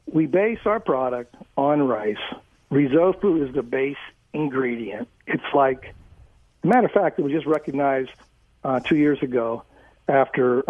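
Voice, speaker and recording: A man's voice: medium pitch, no room sound. A man in his sixties, a food company founder, talking earnestly as an interview guest with many fillers. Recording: dry tinny phone-like line.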